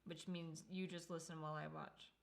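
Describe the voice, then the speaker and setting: A woman's voice: sits low, flat delivery, a little fast, gravelly, noisy background. A woman co-hosting a casual book livestream from home, teasing and laughing as she chats. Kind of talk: casual chat.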